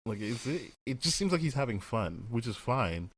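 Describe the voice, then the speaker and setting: A man's voice: medium pitch, sing-song, moderate pace, slightly rough. A man co-hosting a casual movie review podcast, rambling and laughing as he acts out quotes. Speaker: podcast co-host.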